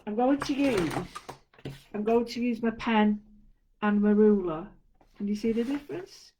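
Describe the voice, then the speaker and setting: A mellow-toned woman talks through a drawing tutorial in a relaxed, chatty way. She narrates each step as she goes and her sentences often fade off quietly. Her pitch sits in an ordinary middle range for a woman. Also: unhurried, slight background noise, low-quality recording. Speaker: art tutor.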